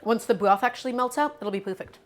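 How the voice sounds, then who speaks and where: A woman's voice: on the high side, quick pace. A woman cooking live in her home kitchen, casually chatting to her viewers in an upbeat, talkative way. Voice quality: chatty, upbeat, talks to the chat directly. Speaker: cooking streamer.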